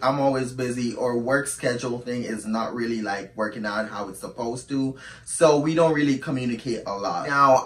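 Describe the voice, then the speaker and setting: A man's voice: mid-range voice, far from the mic. A man chatting expressively to his viewers in a casual storytime monologue. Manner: chatty and expressive, calls listeners "girl". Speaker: storytime YouTuber. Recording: roomy echo, away from the mic.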